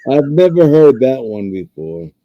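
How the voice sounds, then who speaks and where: A man's voice: mid-range voice, big pitch swings, measured pace, no echo. A man guesting on a casual podcast, easygoing and self-deprecating, heard over a dull lo-fi line. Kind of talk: casual chat.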